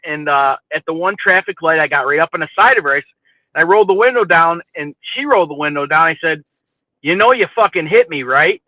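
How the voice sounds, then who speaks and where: Guy with a higher voice telling a story, swears a lot, sounds thin like it's over a phone. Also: no echo, narrow, tinny audio. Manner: profane, animated, keeps asking "you know what I mean". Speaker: podcast host telling a story. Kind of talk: casual storytelling chat.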